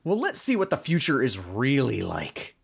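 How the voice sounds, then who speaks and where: Chatty man with lively pitch. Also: moderate pace, gravelly, husky. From Canada. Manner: chatty, joking, many fillers like "you know". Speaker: podcast co-host. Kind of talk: casual chat.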